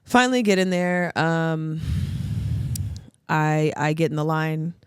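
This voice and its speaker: Dry-voiced woman telling an animated story. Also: sits low, takes it slowly, clear, resonant tone, no echo. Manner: animated storyteller, acts out quoted people. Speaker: podcast co-host. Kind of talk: casual chat.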